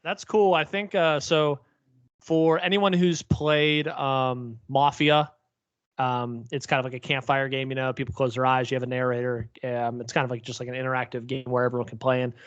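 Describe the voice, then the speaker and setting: A young man co-hosting a podcast who explains his thoughts in a relaxed way, with many fillers. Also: medium pitch, moderate pace, clear, resonant tone, no room sound, muffled recording. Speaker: podcast co-host. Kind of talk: casual chat.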